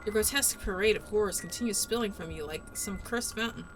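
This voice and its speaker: A woman's voice: mid-range voice, quick pace, poor audio. Woman streamer, dramatic game narration, music under it. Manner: dramatic narration with casual asides. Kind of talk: dramatic read-through of a game.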